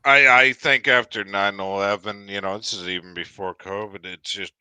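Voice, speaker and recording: Very deep-voiced man with a sharp edge. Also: steady tone, clear, resonant tone, dry recording. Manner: rambling, halting, trails off into mumbles. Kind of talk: casual chat.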